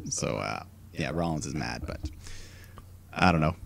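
Man, podcast co-host, deep voice, creaky, laid-back recap. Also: animated, normal speed. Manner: laid-back play-by-play recap, laughs often. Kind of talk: casual chat recapping wrestling.

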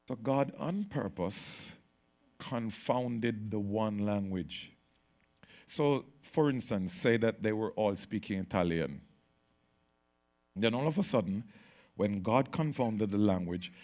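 Slow, swinging preacher man. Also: fairly low pitch. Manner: slow, drawn-out preaching that swings from quiet to loud and excited. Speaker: pastor. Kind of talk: sermon.

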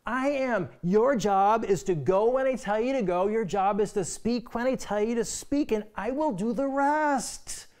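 A man's voice: high voice, measured pace, hardly any pauses, a little mellow, pitched above the performer's own voice. A man doing an exasperated, sighing God. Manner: sighing, impatient, coaxing. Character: exasperated male God coaxing a reluctant man.

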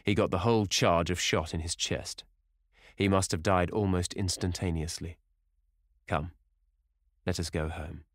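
Cool, worldly aristocrat, calm and offhand, voiced by a deep-voiced man, dry close sound. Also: unhurried, long pauses, no echo. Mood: detached. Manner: calm, detached, drawling.

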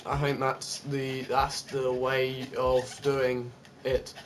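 Speaking slowly in a mid-range voice, a man plays a football video game and offers relaxed, exasperated commentary laced with swearing. He's a gaming YouTuber, and there's constant background noise.

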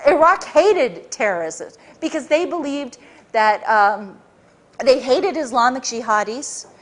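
A woman giving a talk to a live audience, telling a story in an animated way with many restarts and repeated words. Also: sits high, measured pace. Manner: animated, frequent restarts and repetitions. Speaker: public speaker giving a talk.

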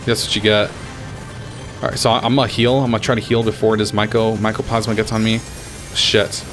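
A man's voice: lowish voice, level tone, brisk, music in the background. A young man giving casual gameplay commentary, getting frustrated, swearing and trash-talking opponents as he plays. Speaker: gaming YouTuber.

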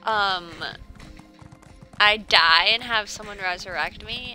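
A woman chats on a live stream in a goofy put-on voice with a muddled mix of accents. She drags her words out slowly, and her tone is very bright and sharp. Faint music plays behind her. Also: mid-range voice, poor audio. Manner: putting on a jokey mixed-accent mustache-man voice, drawling words. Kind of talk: playful casual stream chat.

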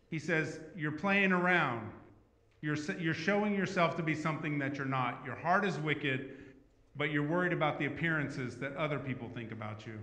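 Bright-voiced preacher man in an echoey hall. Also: on the high side. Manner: conversational preaching, swings between emphatic and hushed. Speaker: pastor. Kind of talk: sermon. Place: church sanctuary.

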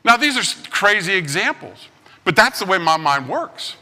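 A man's voice: high voice, sing-song, normal speed, sharp tone. A man preaching a humorous sermon as pastor, a joking storyteller full of puns, in a church sanctuary. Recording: long reverb of a church hall.

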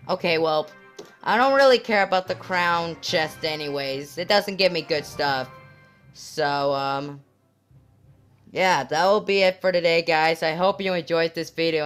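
A gaming channel host giving live commentary on a mobile match, shouting at the game and chatting to viewers with many fillers. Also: mid-range voice, a little slow, smooth, soft background music. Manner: excitable, yells at the game.

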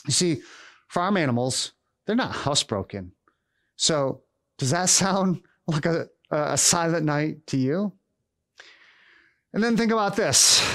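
A middle-aged man preaches a Christmas Eve sermon in a storytelling way. His voice sits somewhat high for a man. Now and then he acts out the characters in his stories. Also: fairly bright tone. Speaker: pastor.

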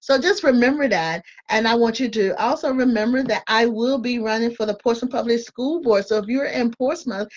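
Earnest Christian woman, higher voice. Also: muffled recording. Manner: earnest, conversational, repeats words as she talks. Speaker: Christian speaker and school board candidate. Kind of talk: informal Christian encouragement talk.

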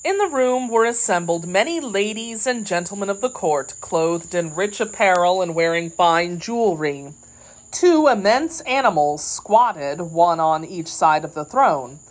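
A woman narrating a classic children's storybook in a measured, expressive way. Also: fairly low pitch, low-quality recording. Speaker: audiobook reader.

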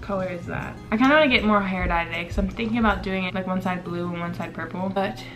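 A woman's voice: lowish voice, fast talker, music in the background. A young woman vlogging casually to the camera, rambling and chatty with lots of fillers while doing her makeup at home. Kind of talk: casual vlog chat.

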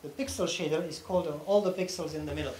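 A man's voice: on the high side, quick pace, a little mellow. A man giving a technical conference talk, explaining things step by step and often checking in with the audience. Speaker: conference speaker. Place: conference hall. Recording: echoey hall with faint room noise.

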